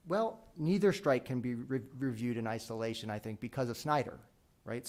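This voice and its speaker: A man arguing an appeal before a panel of judges. His voice is gravelly and full of vocal fry. He speaks in a measured way and fills pauses with ums. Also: mid-range voice. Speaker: defense attorney. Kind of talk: oral argument.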